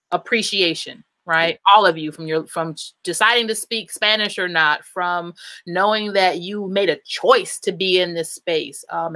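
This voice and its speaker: A woman moderates a live panel discussion in a bright, forceful voice, recorded dry and close. She asks long, winding, multi-part questions and restarts her sentences often as she works toward her point. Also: fairly low pitch, no room sound, poor audio.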